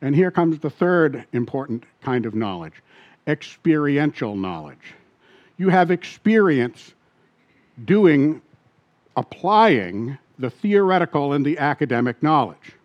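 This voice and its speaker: A man's voice: fairly high pitch, sing-song, unhurried, dull audio. A man preaching a sermon as pastor, often asking his listeners questions and repeating key points.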